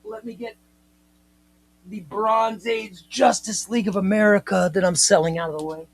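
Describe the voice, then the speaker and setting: A man hosting a casual live comics stream, chatting with viewers and reading their comments in a playful, excitable way. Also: high-pitched, moderate pace, gravelly.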